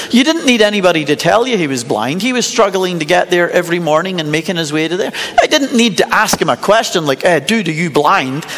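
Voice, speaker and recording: A man's voice: sits high, fairly bright tone. A middle-aged man, preaching a sermon in a conversational, storytelling way and asking rhetorical questions with a touch of humour. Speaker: pastor. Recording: long hall reverb.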